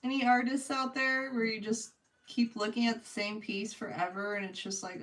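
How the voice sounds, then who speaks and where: A woman's voice: fairly high pitch, flat delivery, moderate pace, fairly bright tone, recorded from a distance, poor audio. A young woman from California with a Californian accent, chatting casually with her live audience while she paints. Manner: chatty, laughs often, talks to chat. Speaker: art streamer.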